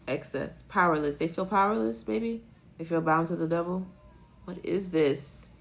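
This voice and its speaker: Speaking straight into her phone on a live stream, a tarot reader with a low, gravelly voice works through a card spread. She talks at normal speed, rambling emotionally and swearing casually.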